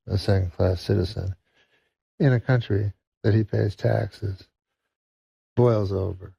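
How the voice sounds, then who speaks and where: A man from Canada spins a long, rambling joke in a halting deadpan. His low voice is gravelly and husky, and the sound is dry and dull, a little muffled. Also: no room sound. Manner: halting, deadpan, many uhs. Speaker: comedian guest.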